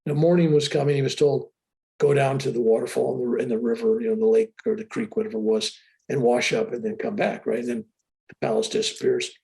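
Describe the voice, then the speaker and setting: An older man telling a story with animated excitement as an interview guest on a video call. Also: medium pitch, fast talker, gravelly. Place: room with a sheetrock wall.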